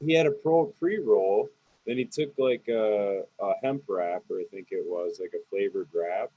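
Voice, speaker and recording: A man's voice: on the low side, moderate pace, dry recording, narrow, tinny audio. A man chatting casually on a podcast, rambling, swearing and laughing as he talks. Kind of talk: casual chat.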